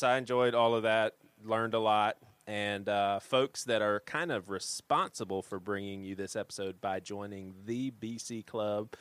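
A man co-hosting a podcast, rambling and animated as he reads out thanks. His voice sits low and sounds smooth and resonant. The recording is dry and close. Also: no echo. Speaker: podcast co-host. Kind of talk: casual podcast chat.

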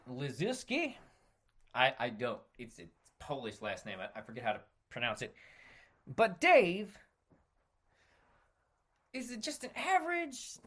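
A man's voice: sits high, a bit bright. A man from the United States hosting a solo podcast, ranting with lots of swearing and frequent self-corrections. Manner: trails off into self-corrections and restarts. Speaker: podcast host.

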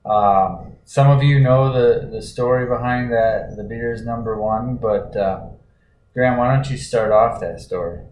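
A man co-hosting a casual chat, talking in a relaxed, rambling way with fillers. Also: mid-range voice, measured pace. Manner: laid-back, rambling with fillers. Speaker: podcast co-host. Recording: roomy echo, faint noise.

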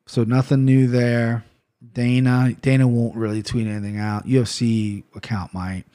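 A man talking to camera in a casual solo rant, rambling and cursing freely, with bursts of loud mock outrage. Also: mid-range voice, flat delivery, moderate pace. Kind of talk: casual solo rant about gear and fight news.

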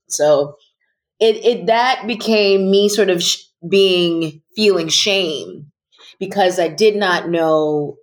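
A middle-aged actress in an interview, answering earnestly and thoughtfully, often trailing off into a soft voice. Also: female voice, fairly low pitch.

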